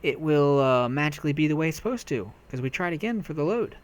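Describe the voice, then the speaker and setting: A let's-play commentator gives a playful, sarcastic voice-over on a video game, often mocking himself. His voice sits on the high side, with lively intonation and a fast pace.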